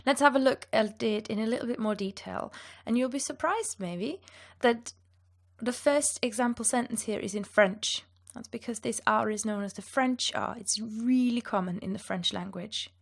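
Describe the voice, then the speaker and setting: A woman from western Germany with a German accent, explaining pronunciation to learners in a clear, patient and lightly playful way. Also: fairly high pitch, moderate pace. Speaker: language teacher. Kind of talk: pronunciation lesson.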